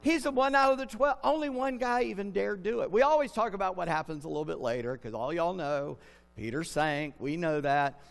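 A man's voice: high voice, lively intonation, brisk, gravelly. A man preaching a sermon in a conversational way, putting questions to his listeners. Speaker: pastor. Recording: long reverb of a large hall.

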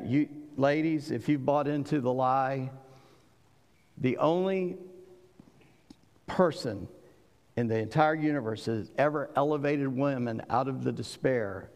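A man's voice: medium pitch, unhurried, pauses often, a little mellow, in a large hall. A man preaching a sermon with emphatic delivery, voicing figures from scripture as he goes. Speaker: pastor.

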